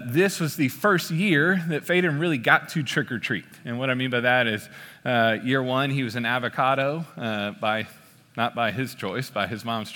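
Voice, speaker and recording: A man in his thirties preaching a sermon, telling a story in a relaxed, joking way with frequent "uh" fillers. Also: medium pitch. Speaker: pastor. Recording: long hall reverb.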